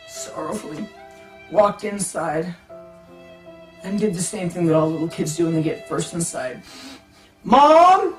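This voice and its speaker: A storyteller telling a funny childhood story in a casual, dramatic way, jumping from hushed asides to excited outbursts. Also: mid-range voice. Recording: echoey room, distant mic, faint music.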